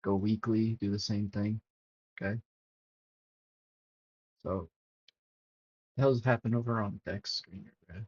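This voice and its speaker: Man, crypto livestream host, casual chart talk, swears a lot, husky, muffled stream sound. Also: on the low side, slow pace, long pauses. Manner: profane, excitable, talks to chat. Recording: dull lo-fi stream audio.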